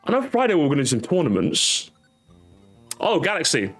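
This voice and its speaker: A man's voice: a little high, wildly swooping pitch, brisk, soft background music. A man in his thirties casually chatting and bantering with a friend on a live stream, teasing and swearing now and then.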